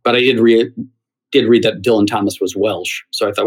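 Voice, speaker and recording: A middle-aged man from the United States, a theater critic, telling anecdotes in conversation in an animated way, often repeating words. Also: on the low side, fairly quick, slightly rough, poor audio.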